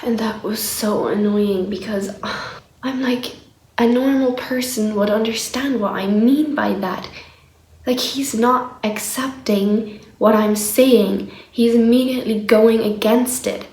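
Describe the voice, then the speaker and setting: A woman's voice: fairly high pitch, slow, a little mellow, a little hiss or hum. A woman recording a personal diary vlog, venting in exasperation about being shut down, sometimes dropping to a whisper. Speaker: diary vlogger. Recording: echoey room.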